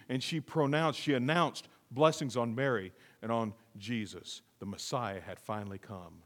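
A man preaching a sermon as pastor, reading scripture and swinging from hushed asides to loud, emphatic repeated lines. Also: mid-range voice, normal speed, few pauses. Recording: long reverb of a large room.

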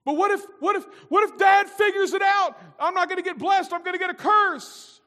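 A man preaching a sermon, voicing a fearful young son in a high panicky whine. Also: normal speed, fairly bright tone, big-room sound. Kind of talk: sermon with acted-out story.

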